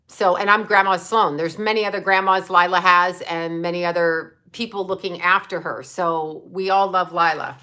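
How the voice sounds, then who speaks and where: A woman's voice: on the low side, steady tone, moderate pace, hardly any pauses, sharp tone. An older woman hosting a livestream, talking bluntly and profanely as she answers viewers and thanks them for super chats. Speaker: psychic livestream host.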